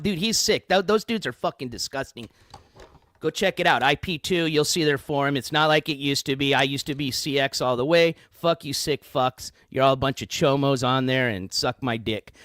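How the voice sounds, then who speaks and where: A man's voice: a little high, fairly bright tone, no room sound, clean studio sound. A man hosting a livestream news show, ranting in an angry, profane, combative way.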